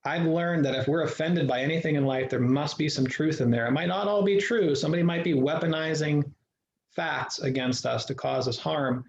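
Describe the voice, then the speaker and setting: A man's voice: on the high side, moderate pace, gravelly, slight background noise. Earnest man speaking in an echoey room. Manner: earnest, reflective, with frequent restarts. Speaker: guest. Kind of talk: candid storytelling in an interview. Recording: echoey room, dull lo-fi sound.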